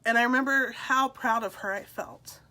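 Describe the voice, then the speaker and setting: A woman with a bright, fairly high voice shares a painful personal story as a testimonial. She's emotional and halting, breaking into soft laughs as she speaks.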